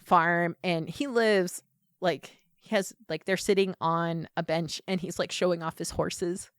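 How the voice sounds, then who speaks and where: A woman's voice: on the low side, unhurried, clear, resonant tone, dry recording. Chatty woman, dry close sound. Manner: animated storyteller, acts out quotes in voices; many fillers like "like" and "you know". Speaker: podcast guest. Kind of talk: casual chat.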